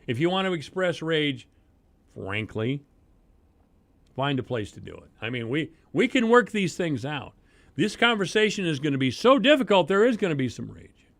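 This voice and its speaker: A man with a Midwestern American accent delivers a talk radio monologue, his pitch leaping and diving with every point. He sounds heated and sarcastic, jumping from sudden loud bursts down to low, grumbling asides. His voice sits a touch higher than most men's. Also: big pitch swings, normal speed, pauses often. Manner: heated, sarcastic, swings between shouting and muttering. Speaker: radio talk show host.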